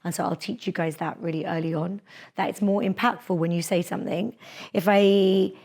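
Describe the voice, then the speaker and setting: A woman's voice: lowish voice, fairly quick. Chatty woman leading a workshop. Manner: lively, chatty, laughs often, acts out quotes. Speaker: dentist leading a public speaking workshop. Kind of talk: live workshop lecture. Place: lecture room with an audience.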